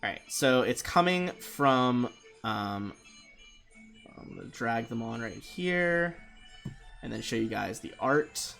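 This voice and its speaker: A man acting as game master for a tabletop game, narrating scenes and rules in a loose, laughing way. His pitch moves up and down a great deal as he talks. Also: slow, gravelly, soft background music. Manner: lively, laughing, loose descriptions.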